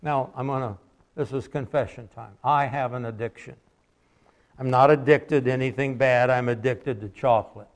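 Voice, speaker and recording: A man's voice: mid-range voice, fairly even intonation, normal speed. Folksy man preaching a sermon. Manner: folksy, conversational preaching with anecdotes. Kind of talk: sermon with storytelling.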